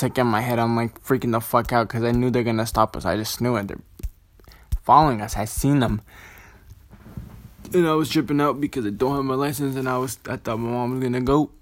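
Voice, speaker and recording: Rambling, profane eighteen-year-old guy. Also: mid-range voice. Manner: rambling, profane, full of "like" and restarts. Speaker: storyteller. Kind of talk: casual storytime monologue.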